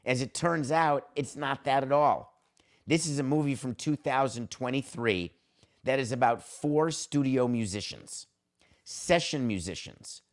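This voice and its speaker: A man hosting a podcast, telling a story in an animated, rambling way with excited asides. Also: mid-range voice, a little slow. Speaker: podcast host. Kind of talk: casual chat.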